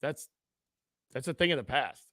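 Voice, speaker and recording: A man's voice: medium pitch, expressive, moderate pace, a bit bright. A man co-hosting a podcast, chatting loosely with trailing phrases and playful asides. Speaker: podcast co-host. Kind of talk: casual chat.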